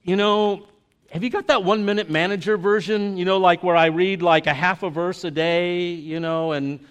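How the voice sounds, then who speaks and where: A male pastor with a smooth, fairly high voice delivers a conversational sermon packed with "you know" and "like." He shifts between lively asides and quiet, earnest reflection.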